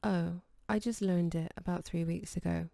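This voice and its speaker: A gentle, quietly insistent man speaks low and mellow, with a gravelly edge to the voice, as a woman narrator reads him. The recording is close and dry, with no room sound. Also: fairly even intonation, moderate pace, dry recording.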